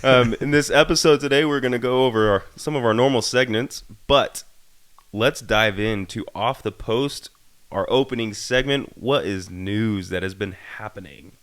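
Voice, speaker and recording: A man co-hosting a casual podcast, sounding stuffy and nasal from allergies, easygoing and quick to laugh along. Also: medium pitch, a bit bright. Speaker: podcast co-host.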